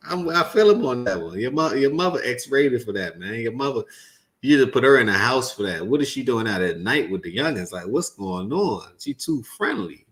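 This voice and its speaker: Animated man hosting a reaction show. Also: fairly low pitch, moderate pace. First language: not English. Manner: animated, preachy, talks to viewers directly. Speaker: commentary show host. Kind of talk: reaction commentary to a clip.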